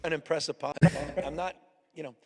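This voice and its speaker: A man giving a self-deprecating speech, halting and repeating himself. The clip is recorded in a hall with long reverb. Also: on the high side, fairly even intonation, vocal fry, fairly bright tone. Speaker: public speaker in a played clip.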